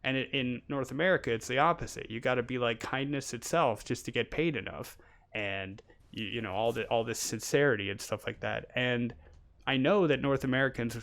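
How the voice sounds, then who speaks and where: A young Canadian man chatting casually on his stream, rambling and animated, often slipping into quoted voices. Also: mid-range voice, brisk, gravelly.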